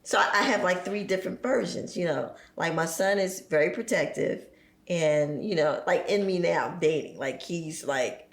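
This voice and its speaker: A woman's voice: fairly low pitch, normal speed, roomy sound. A woman in her forties chatting on a podcast, telling stories with laughter and acting out her children's voices. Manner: lively storyteller, acts out her children's voices, laughs often. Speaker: podcast guest. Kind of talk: casual chat.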